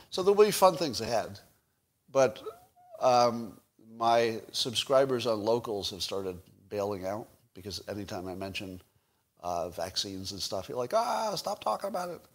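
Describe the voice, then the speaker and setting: An older man hosting his own podcast, talking alone in a combative, sarcastic way, rambling with fillers and casual swearing. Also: lowish voice. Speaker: podcast host. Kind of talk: solo livestream commentary.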